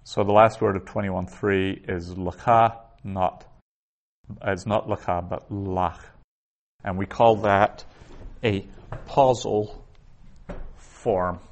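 A middle-aged man teaching a class, explaining slowly and patiently with pauses and fillers. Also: lowish voice, fairly even intonation. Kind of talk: classroom lecture.

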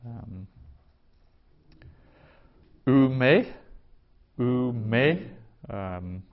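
A man teaching a Greek vocabulary lesson, saying each word slowly and twice, then explaining it. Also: mid-range voice, lively intonation. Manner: slow, careful pronunciation with repetition. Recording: dull lo-fi recording.

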